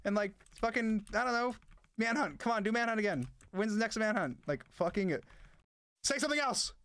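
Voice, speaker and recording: A man's voice: sits high, lively intonation, brisk, a bit bright, smooth, pitched above the performer's own voice. A man voicing a whiny, pestering fan who squeals exasperated, run-on demands. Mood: mocking nagging.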